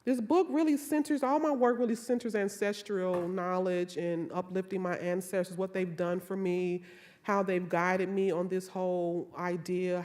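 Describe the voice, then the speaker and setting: A woman author from Chicago, reading her poetry in a slow, rhythmic way and telling stories with a playful laugh. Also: on the low side, a little mellow. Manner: slow rhythmic poetic delivery.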